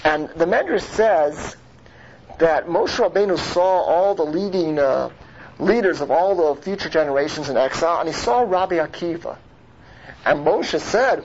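A man's voice: on the high side, expressive, normal speed. Man teaching a Torah class, muffled recording. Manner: rhetorical, checks in with "right?" and "okay?"; mixes Hebrew terms into English. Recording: muffled lo-fi recording with faint noise.

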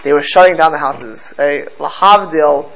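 A man teaching a lesson through a story, animated and often restarting and repeating his words. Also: a little high, moderate pace, gravelly. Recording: slightly dull with faint background noise.

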